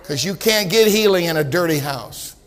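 Fervent pastor in an echoing hall. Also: male voice, fairly high pitch, lively intonation, moderate pace. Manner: fervent storytelling, builds to shouted emphasis. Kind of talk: sermon. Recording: long hall reverb.

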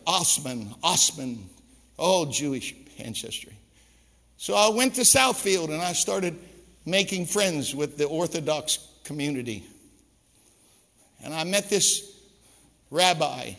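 Emphatic high-voiced preacher man. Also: in a large hall. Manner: emphatic preaching, drops into hushed storytelling. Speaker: pastor. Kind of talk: sermon.

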